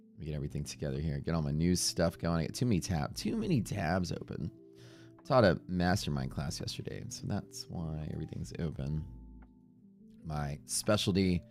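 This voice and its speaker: A man hosting a casual livestream from his home streaming room, greeting viewers by name and joking as he rambles. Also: deep voice. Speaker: livestream trading host.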